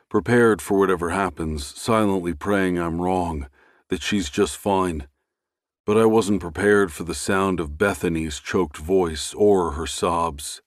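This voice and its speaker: Deep, slow male audiobook narrator. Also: no room sound, clean studio sound. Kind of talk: first-person romance narration.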